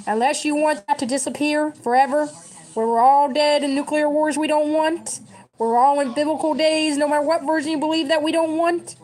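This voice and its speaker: Thirties woman, community educator type, fired-up preachy monologue, somewhat high voice. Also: darkish tone. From United States. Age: 30s. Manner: urgent, scolding, preachy. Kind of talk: impassioned political rant to camera.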